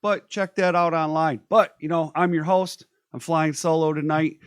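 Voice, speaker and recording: A man hosts a live stream in loose, energetic chat, calling out viewers one after another. His voice sits a touch higher than most men's. The sound is dry and close. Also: normal speed, clear, resonant tone, dry recording. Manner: energetic, chatty, shouting out viewers. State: feeling unwell. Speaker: host.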